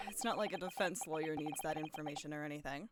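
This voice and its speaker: A woman chatting casually and excitedly while playing a game on stream. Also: low-pitched. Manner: excitable, joking. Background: background music.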